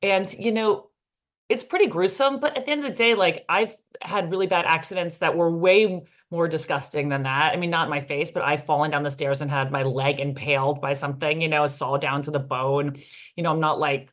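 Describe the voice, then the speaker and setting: Low-voiced woman author, candid and rambling. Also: steady tone, fairly quick. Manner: candid, rambling, many fillers. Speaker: author being interviewed. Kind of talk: casual interview answers.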